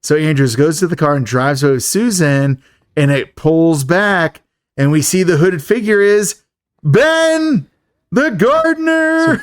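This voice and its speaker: A man's voice: fairly high pitch, normal speed, dry recording, studio quality. A man co-hosting a podcast, casually recapping a horror film's plot with jokes and fillers. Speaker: podcast co-host. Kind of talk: casual movie recap chat.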